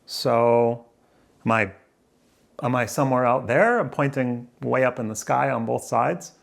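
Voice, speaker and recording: A creaky, medium-pitched voice comes from a man vlogging indoors by a window, speaking a little slowly. He ponders aloud to the camera facing him, drifting between thoughts and doubting himself in a relaxed monologue.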